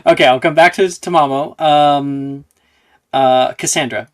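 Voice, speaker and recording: A game master running an online tabletop game, playful and quick to laugh, correcting players on spell names. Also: mid-range voice.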